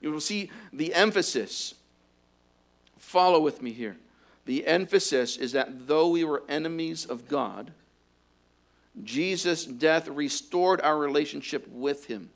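A man preaching a sermon. He builds to loud, fervent exhortation and then drops to a hushed closing prayer. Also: fairly high pitch, unhurried, vocal fry. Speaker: pastor.

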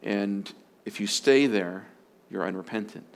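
A man's voice: on the low side, a little slow, gravelly. A man preaching as a pastor, earnest and emphatic, often repeating his phrases for stress. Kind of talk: sermon on marriage.

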